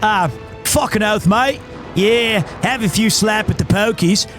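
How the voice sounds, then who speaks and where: A rowdy, boozy Australian bloke, as a man puts him on with an overdone Australian accent. He talks in a brash, swaggering way, thick with slang, in a fairly high voice. Faint music plays behind him. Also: unhurried, a bit bright. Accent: exaggerated Australian imitation.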